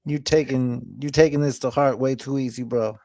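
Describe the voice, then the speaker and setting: A man's voice: mid-range voice, fairly even intonation, normal speed, a little mellow, dry recording. Chat-show host, a man with a mid-range voice, needling and insistent, dry close audio. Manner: pushy, teasing, demanding answers. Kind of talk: casual online chat show.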